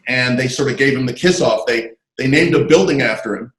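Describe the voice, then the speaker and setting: A man being interviewed about his screenwriting career, telling animated, digressive stories full of asides over a video call. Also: medium pitch, a little fast, reverberant, low-quality recording. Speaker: interview guest, screenwriter and comic artist. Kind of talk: casual anecdotal storytelling.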